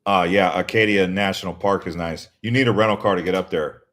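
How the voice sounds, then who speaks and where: With a deep, fairly bright voice, steady tone and brisk delivery, this American man, an adult Navy veteran, runs a relaxed live stream. Between viewer questions he wanders through travel anecdotes, frequently starting over.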